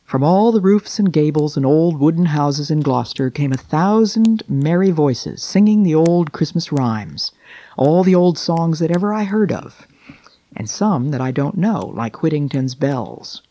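A man reading a classic children's Christmas story aloud in a gentle, unhurried voice with dramatic slowing. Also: on the high side, lively intonation, no echo.

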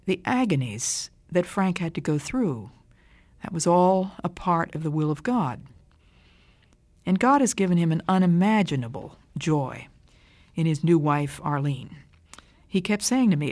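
An older woman giving a scripted radio Bible talk in a measured, emphatic way. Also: on the low side, animated, darkish tone, no echo. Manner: measured, deliberate, emphatic delivery.

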